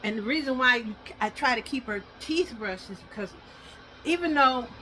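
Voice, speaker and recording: A dog owner vlogger chats casually at home while brushing her dog's teeth, rambling and slipping into coaxing baby talk. Her fairly high voice is bright and forceful, with lively intonation, a moderate pace, and slight background noise.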